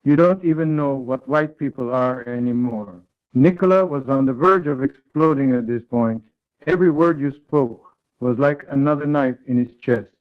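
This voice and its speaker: A man tells a third-person story in a flat, read-aloud delivery. His voice sits at a middle pitch. It comes through thin and tinny, like audio from an online call. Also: normal speed.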